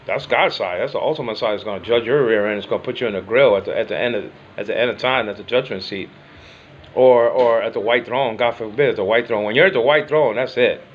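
A man's voice: mid-range voice, fast talker, dull audio, slight background noise. An older man whose first language is Spanish, chatting casually in a home vlog, rambling and repeating himself, teasing and affectionate. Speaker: vlogger.

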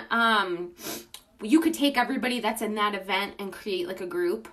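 A woman hosting a casual livestream from her phone, pitching her beauty business to viewers. She talks in a gushing, enthusiastic and informal way and greets viewers by name. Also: moderate pace, fairly bright tone.

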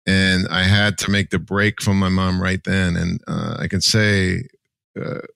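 A man's voice: low-pitched, level tone, unhurried, vocal fry, a bit bright, clear, resonant tone, no echo. A man in his sixties from New Jersey, a podcast guest telling his life story candidly and with emotion. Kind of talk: personal storytelling.

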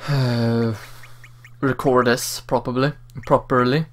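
A man hosting a let's play, giving relaxed, casual commentary with mumbled asides. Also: medium pitch, takes it slowly.

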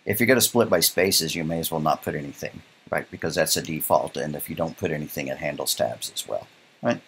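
A man's voice: very deep voice, brisk, creaky, a bit bright, a little hiss or hum. A man teaching a programming lecture while coding live, thinking aloud in a casual way and often checking in with "right?". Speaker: programming instructor.

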